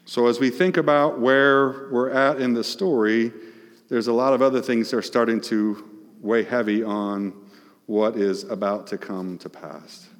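A male pastor preaching a sermon, asking the congregation questions, emphatic and shifting between loud and hushed. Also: mid-range voice, fairly even intonation, unhurried, long reverb tail.

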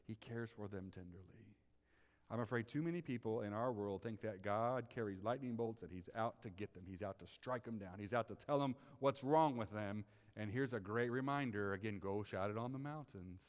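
A man pastor delivering a sermon, moving between quiet confiding talk and loud, rising preaching. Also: fairly low pitch. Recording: reverberant hall.

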